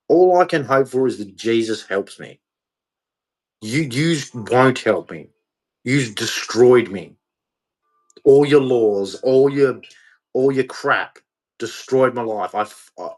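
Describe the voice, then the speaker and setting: A man's voice: mid-range voice, low-quality recording. A man, ranting in an emotional monologue to camera, repeating himself as he goes. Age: 40s. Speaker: vlogger.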